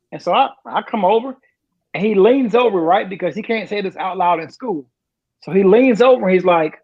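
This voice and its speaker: Retired sergeant major in his forties, high-pitched and profane, on muffled podcast audio. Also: normal speed. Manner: profane, animated storyteller. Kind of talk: casual storytelling.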